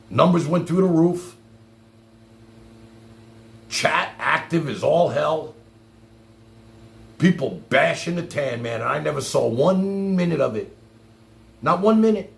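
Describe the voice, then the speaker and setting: A man on a live stream, talking in a high, gravelly voice that swoops up and down as he mocks and swears. The sound is echoey, as if from a bare room. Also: expressive, slow pace, pauses often. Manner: mocking, repeats lines back with sarcasm, swears freely. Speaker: streamer reacting to a clip. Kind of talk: heated live-stream commentary.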